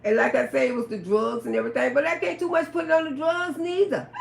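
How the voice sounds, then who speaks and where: A woman casually telling a story on a livestream, cursing freely, laughing often and bursting out loudly. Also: sits high, steady tone, quick pace, gravelly, slight background noise. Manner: profane, laughs often, loud outbursts. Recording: roomy echo.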